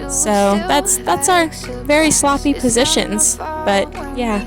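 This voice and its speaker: A woman's voice: mid-range voice, normal speed, few pauses, music in the background. A woman, a dog handler, chatting through her trial video and quoting her own nervous thoughts. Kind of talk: casual voice-over commentary on a trial video.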